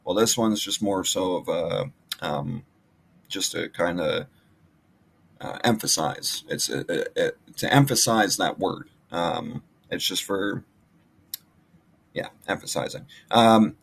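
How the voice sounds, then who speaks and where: A man with a low voice talks casually about his emails. He rambles and stops often to restart his sentences with fillers. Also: slow, vocal fry. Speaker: online marketing vlogger. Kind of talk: casual screen-share walkthrough.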